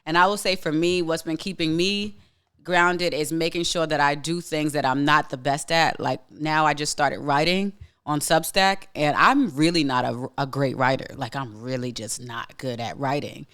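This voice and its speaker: A man's voice: a little high, steady tone, moderate pace, pushed and bright, clear, resonant tone. A man hosting a casual monologue podcast, talking bluntly and emphatically, repeating lines for weight and restarting sentences often. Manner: frequent restarts and filler words. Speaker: podcast host.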